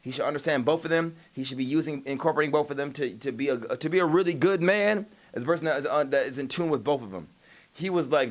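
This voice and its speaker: A man's voice: on the high side, quick pace. Rambling, profane young man streaming. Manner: rambling, profane retelling with many restarts; says he stutters sometimes. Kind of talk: casual livestream storytelling.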